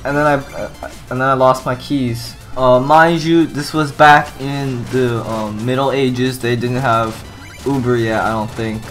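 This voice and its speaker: A man giving rambling, deadpan comedic commentary over gameplay, halting often with fillers. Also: medium pitch, faint music behind. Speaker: gaming video narrator.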